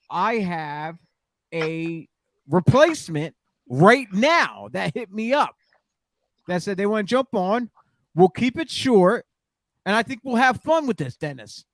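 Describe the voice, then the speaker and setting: A man with a high voice hosts a casual wrestling podcast on a dry close mic. He rambles with fillers and hypes guests the way a ring announcer would. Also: no room sound. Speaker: podcast host.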